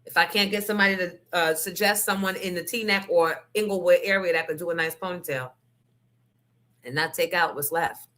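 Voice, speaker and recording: Brief: woman host, casual chat, bright and forceful tone, candid and salty. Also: on the low side, brisk. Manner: candid, profane storytelling with asides to the audience.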